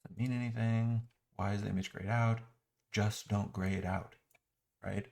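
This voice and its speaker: Low gravelly guy ranting about an app, sarcastic, mutters as he clicks. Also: steady tone, moderate pace, darkish tone. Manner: exasperated, sarcastic griping. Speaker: software reviewer. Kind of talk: screen-recorded software critique.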